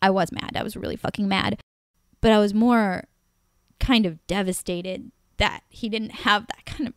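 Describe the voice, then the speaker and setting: A woman with a smooth, clear voice recounting a personal dating story on a podcast. She speaks emotionally and with animation, cursing freely. The recording is dry and close to the mic. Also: mid-range voice, moderate pace, dry recording. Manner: emotional, animated retelling, swears often. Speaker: podcast guest.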